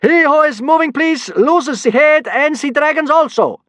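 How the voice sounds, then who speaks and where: A man's voice: very high voice, very animated, normal speed, dry recording, voice pushed up. Thuggish kidnapper in broken speech, read by a man, dry close mic. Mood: threatening. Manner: mangled grammar, threatening.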